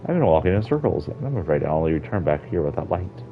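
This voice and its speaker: A man's voice: extremely low pitch, sing-song, fast, faint music behind, exaggerated voice. A man voicing a frightened, lonely young girl in a raised, pleading voice over dull lo-fi stream audio.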